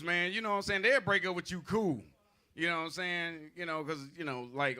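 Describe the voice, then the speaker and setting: Male stand-up comic, club stage, profane, conversational, slightly high voice, bright tone. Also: a little fast. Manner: profane, loose, conversational delivery with asides to the audience; acts out arguing old men in gruff voices. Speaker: stand-up comedian. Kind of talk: stand-up comedy set.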